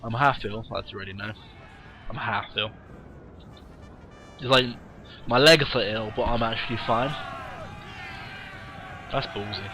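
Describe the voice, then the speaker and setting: A man's voice: on the low side, unhurried, pauses often, bright, forceful tone, slight background noise. A tired man who yawns now and then, giving casual, rambling, blunt commentary on a game replay and swearing freely. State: tired, yawning.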